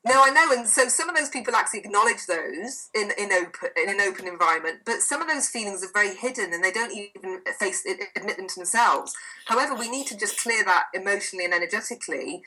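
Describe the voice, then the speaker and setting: Enthusiastic woman with a bright voice. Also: mid-range voice, fast, slight background noise, low-quality recording. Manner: enthusiastic and emphatic, animated retelling of client stories. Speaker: therapist and podcast guest. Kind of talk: conversational interview.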